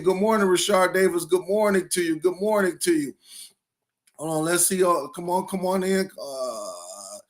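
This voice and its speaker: A middle-aged man with a notably high voice hosts a live-streamed education podcast. He talks with hyped energy and stacks repeated phrases for emphasis. He greets his viewers one by one by name. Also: a bit bright. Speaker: school principal and podcast host.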